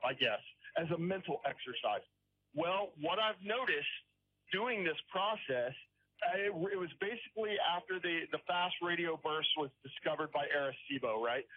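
A man's voice: a little high, husky, no room sound. Rambling male caller on a tinny phone line. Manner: rambling, hesitant, checks in with "right?" and "okay?". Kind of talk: call-in radio story. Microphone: telephone.

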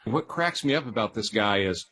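A man's voice: fairly low pitch, animated, normal speed, sharp tone, husky. A man hosting a podcast, asking curious questions to steer the talk. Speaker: podcast host. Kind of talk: casual podcast interview.

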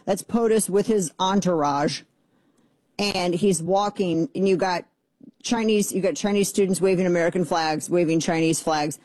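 A middle-aged woman hosting a political talk radio show, sarcastic and exasperated with quick asides. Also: fairly low pitch, a little mellow, no echo.

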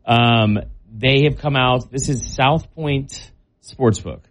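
A man's voice: mid-range voice, slow pace. A man co-hosting a morning sports show, talking through betting lines in an easygoing, upbeat way. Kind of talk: casual morning show chat.

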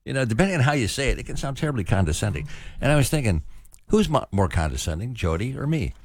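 A man's voice: medium pitch, very animated, quick pace, no echo. A man hosting a morning radio show in a studio, chatting casually with a wry, playful, teasing delivery. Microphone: studio microphone.

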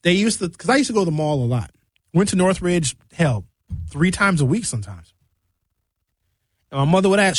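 A man's voice: high voice, sing-song, a little fast, long pauses, no echo. A man hosting a radio show, rambling through a bawdy comic monologue. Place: radio studio.

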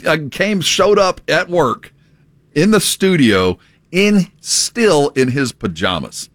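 A man's voice: a little high, big pitch swings, slow, fairly bright tone, no room sound. A man from San Antonio co-hosting a radio show, trading dry wisecracks and telling anecdotes. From San Antonio, Texas. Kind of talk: casual radio banter and storytelling.

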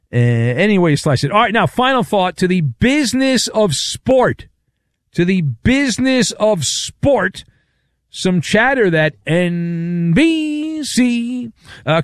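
A man's voice: a little high, no echo, studio quality. A man hosting a sports talk radio show, delivering a sarcastic, wisecracking monologue.

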